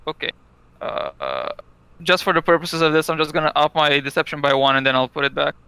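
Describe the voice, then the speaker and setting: A man's voice: a little high, expressive, a little fast, creaky, bright, forceful tone, clean tone, no echo. A man playing a tabletop game, hesitant and full of questions. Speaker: player. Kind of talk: casual tabletop play.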